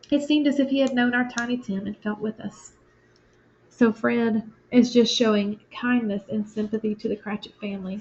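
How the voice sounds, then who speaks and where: A woman teacher with a fairly high voice reads stage directions and explains the story to her class. Her manner is plain and conversational. The recording sounds dull and lo-fi. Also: darkish tone, a little hiss or hum. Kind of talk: reading a play aloud and explaining it to a class.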